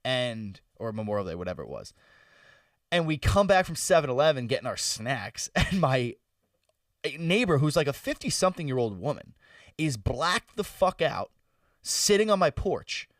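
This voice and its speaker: Young male podcast co-host: lively, profane storyteller, recorded dry and a little off-mic. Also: mid-range voice, moderate pace, no room sound, far from the mic. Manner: animated storytelling, swearing freely. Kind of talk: casual chat. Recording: dry sound, a bit off-mic.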